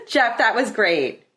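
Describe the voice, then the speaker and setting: A woman hosting a casual interview, laughing easily and chatting warmly. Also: on the high side. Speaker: interview host.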